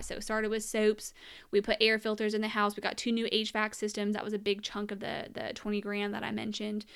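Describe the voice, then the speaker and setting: Earnest young mother, smooth clear voice. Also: mid-range voice, fairly bright tone. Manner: earnest, emotional, tearful at times. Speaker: mother sharing her story. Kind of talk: personal storytelling monologue.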